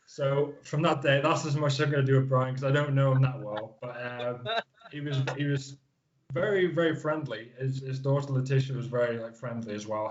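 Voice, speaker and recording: A man's voice: medium pitch, lo-fi sound. A man in his thirties from the Isle of Man, a guest wrestler chatting casually and rambling with fillers. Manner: rambling, lots of fillers and restarts. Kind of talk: casual interview chat.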